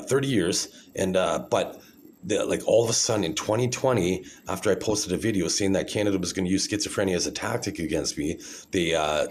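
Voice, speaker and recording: Deep-voiced man, forties, rambling phone monologue, keeps asking "right?", light background hiss.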